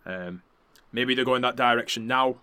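Male podcast host, bright tense voice, chatty, profane recapper. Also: mid-range voice, clean tone, dry recording. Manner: chatty, swears freely, quick to laugh. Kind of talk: casual recap commentary.

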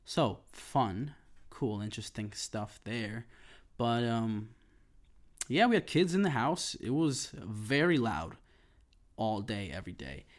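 A man's voice: fairly low pitch, sing-song, takes it slowly. A man hosting a podcast, talking in a loose, rambling, heated rant full of swearing. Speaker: podcast host. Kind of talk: casual monologue rant.

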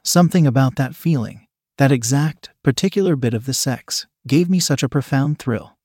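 A man narrating a first-person story in a quiet, even reading voice. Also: mid-range voice, moderate pace, husky, no room sound, studio quality.

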